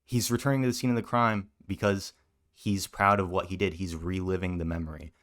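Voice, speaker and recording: A man's voice: low-pitched, steady tone, fairly quick, a bit bright. A man hosting a commentary video, talking in an indignant, emphatic way, swearing and repeating his points. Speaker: commentary channel host. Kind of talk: reaction commentary.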